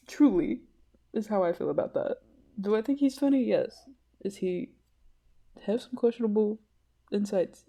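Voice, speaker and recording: A woman hosting a casual solo podcast, rambling and giggly, often bursting with excitement. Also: medium pitch, a little slow, long pauses, slightly rough. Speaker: podcast host.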